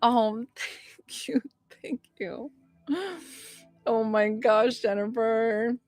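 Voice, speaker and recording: A gushing, excitable woman talks on a phone livestream, her voice jumping between loud bursts and softer asides. She greets viewers as she chats, and faint music plays underneath. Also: fairly high pitch, extremely slow, dry recording, clean studio sound. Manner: gushing, excitable, chatty, reads out viewer names. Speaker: livestream psychic medium and healer. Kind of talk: excitable casual livestream chat.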